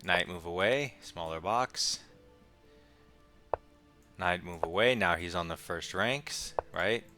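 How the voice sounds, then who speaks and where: A young man giving casual, quick play-by-play of his own chess game with wry asides. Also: deep voice, music in the background. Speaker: chess streamer. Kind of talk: casual live game commentary.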